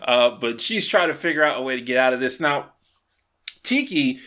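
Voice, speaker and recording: Lively, bright-voiced man recapping a cartoon. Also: medium pitch, normal speed. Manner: rambling, self-correcting, laughs often. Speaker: show reviewer. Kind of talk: casual episode recap.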